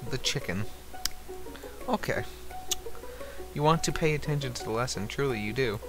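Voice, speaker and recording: A man playing a dating game on stream, reading its text aloud and swearing through sarcastic commentary. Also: medium pitch. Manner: profane, sarcastic, animated outbursts between flat reading. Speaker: streamer playing a visual novel. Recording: faint music behind.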